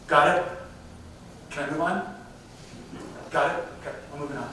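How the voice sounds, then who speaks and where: A man's voice: fairly high pitch, normal speed, pushed and bright, slight background noise. A man giving a live talk on diversity to a company audience, speaking directly and putting questions to the listeners. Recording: very echoey hall, mic far off.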